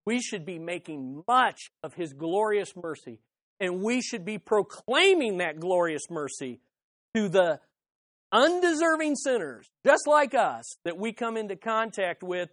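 Casting: pastor mid-sermon, emphatic, repeats phrases, swings from loud peaks to hushed asides, mid pitch. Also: no room sound, clean studio sound. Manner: rhetorical questions and answers. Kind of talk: expository sermon.

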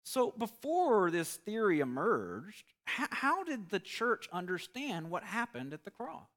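A man preaching a sermon, telling an illustrative story in an earnest, measured way. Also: sits high, sing-song, a bit bright. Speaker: pastor.

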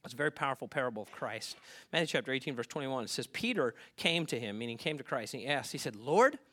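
A man preaching a sermon in a conversational way, often checking in with his listeners and swinging between hushed asides and loud, emphatic bursts. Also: mid-range voice, fast talker. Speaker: pastor.

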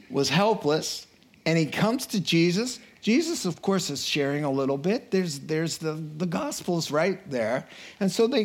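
A man preaching a sermon, animated, acting out crowd voices and rising to excited outbursts. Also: fairly high pitch.

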